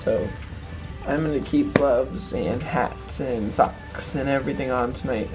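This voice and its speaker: A teenage man vlogging in a casual, animated way, exasperated and acting out the people he quotes. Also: medium pitch, unhurried, music in the background. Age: teens. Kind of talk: casual vlog storytelling. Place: cold house and busy restaurant.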